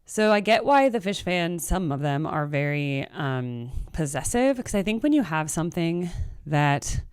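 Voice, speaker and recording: A young woman hosts her own music reaction channel, talking casually to camera at a measured pace in a clean tone. The recording is dry with clean studio sound, and she's chatty and animated, acting out quoted people in a higher voice.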